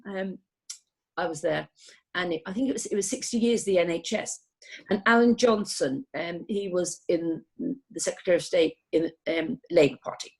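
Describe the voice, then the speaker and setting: A woman nurse chatting casually, telling stories in a rambling, animated way. Her voice sits a little low. She drifts from one tale to the next. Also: moderate pace, creaky, slightly rough. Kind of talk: casual chat.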